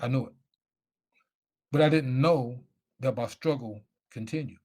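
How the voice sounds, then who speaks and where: A man's voice: mid-range voice, measured pace, dark tone, breathy edge. A middle-aged man telling his story animatedly in a live Q&A, acting out the voices of people he quotes. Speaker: guest speaker.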